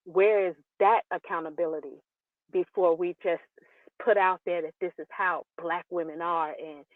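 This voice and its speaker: A man's voice: high-pitched, fairly even intonation, moderate pace, no room sound. A man calling in to a talk show, speaking earnestly and posing questions. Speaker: caller. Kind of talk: call-in commentary. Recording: dry tinny phone line.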